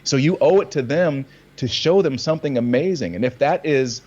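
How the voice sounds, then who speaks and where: A man's voice: mid-range voice, moderate pace, dull audio. A man and actor talking in a casual conversation, telling stories with energy and acting out lines in different readings. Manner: animated storytelling, acts out lines in different readings. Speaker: actor and guest.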